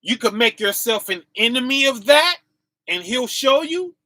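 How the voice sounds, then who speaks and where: A man giving an informal sermon in casual slang, leaning on "right?" and "y'all", chuckling to himself and swinging between quiet asides and loud bursts. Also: very high-pitched, expressive, a little slow, no echo. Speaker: preacher.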